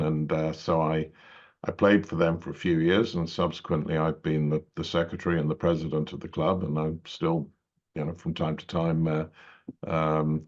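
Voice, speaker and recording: A middle-aged man with an English accent, a judge telling long stories in an interview, full of fillers and restarts. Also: extremely low pitch. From England. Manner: rambling, many fillers and restarts. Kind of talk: conversational interview storytelling. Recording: dull lo-fi audio.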